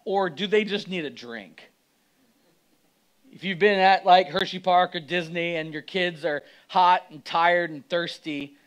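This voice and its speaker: High-voiced, animated male pastor. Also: rough recording. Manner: conversational, animated, acts out quotes. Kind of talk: sermon.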